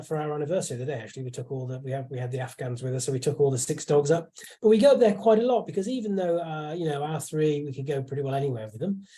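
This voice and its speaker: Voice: medium pitch, mellow. A host in a casual interview, talking hesitantly with many restarts.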